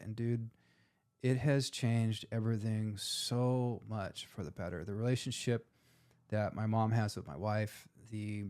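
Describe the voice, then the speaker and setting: A man's voice: on the low side, steady tone, a little slow, a little mellow, smooth. A man in his forties, a firefighter, talking candidly and emotionally in an interview, casual and heartfelt. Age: 40s. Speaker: firefighter guest.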